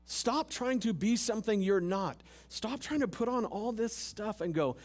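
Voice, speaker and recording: A man's voice: high voice, lively intonation, a little slow, hardly any pauses. A male pastor giving a sermon at a church service, talking casually with jokes and rhetorical questions to the congregation. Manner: conversational, humorous preaching with rhetorical questions.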